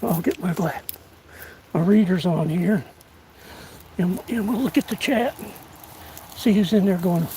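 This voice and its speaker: Out of breath in the rural woods, a vlogger in his 60s rambles through a folksy outdoor livestream, poking fun at himself. His voice sits high and unhurried with a dark tone and long pauses. The audio is poor, with a little hiss or hum, outdoor ambience, and a passing train.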